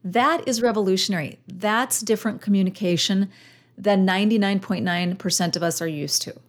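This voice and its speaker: A woman hosting a conversational interview, who thinks out loud and sums up her guest's ideas. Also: mid-range voice, fairly quick. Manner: reflective, affirming listener who sums up ideas. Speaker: podcast host.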